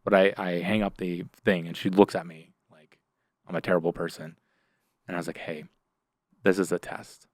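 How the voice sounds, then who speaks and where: A man's voice: deep voice, a little fast, no room sound, clean studio sound. A middle-aged man, a guest on a podcast, telling war stories in casual talk, acting out the people he quotes. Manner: animated, acts out the voices of people in his stories; many fillers and restarts. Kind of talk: casual storytelling in a podcast interview.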